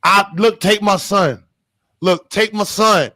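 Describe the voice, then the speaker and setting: A man mimicking a pleading male immigrant from the British Isles, in a high, shouted, mangled mock accent. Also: slow pace, full character voice.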